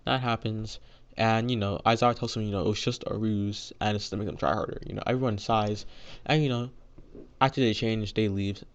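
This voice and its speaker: A man's voice: fairly low pitch, steady tone, fairly quick, clear, resonant tone, highs cut off. A young man casually retelling a fan-made story, rambling with lots of fillers and restarts.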